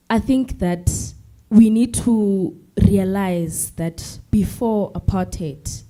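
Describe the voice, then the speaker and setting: Teen girl from South Africa, Zulu her first language, student rep; polite, hesitant, deep, very dark tone. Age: teens. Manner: polite, hesitant, many ums. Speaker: student representative. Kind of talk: formal address to a forum.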